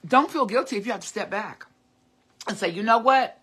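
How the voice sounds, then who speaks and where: A woman's voice: a little high, a little fast, sharp tone, breathy edge. A middle-aged woman hosting a motivational live video, talking in an earnest, encouraging way and often repeating herself as she restarts her sentences. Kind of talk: casual heartfelt livestream talk.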